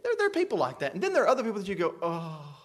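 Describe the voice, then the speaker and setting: A male pastor preaching a sermon into a close microphone, moving between quiet asides and dramatic shouted passages. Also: high voice, wildly swooping pitch, racing, slightly rough. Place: church sanctuary.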